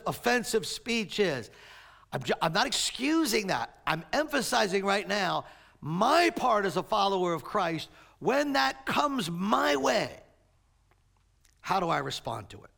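A pastor preaching a sermon in a high, gravelly voice at an unhurried pace. His delivery swings between raised, emphatic lines and quiet, low asides to the congregation.

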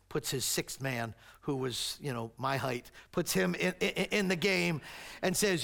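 A man preaching a sermon, telling a story and acting out the shouting voices in it. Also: on the high side, lively intonation, a little slow, creaky. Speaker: pastor.

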